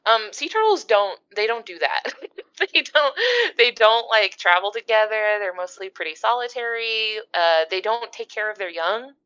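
A woman's voice: medium pitch, lively intonation, moderate pace, a bit bright, smooth. A woman from the US East Coast co-hosting a podcast, giggly and full of "like" fillers. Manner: giggly, talks with many "like" fillers. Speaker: podcast co-host. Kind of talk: casual podcast chat. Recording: dull, lo-fi sound.

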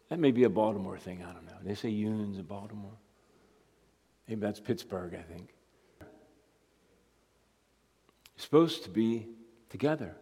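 A man preaching as a guest speaker, moving between quiet conversational asides and emphatic rising points. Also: fairly low pitch, animated, normal speed, pauses often, slightly rough. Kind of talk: sermon. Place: church sanctuary. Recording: long hall reverb.

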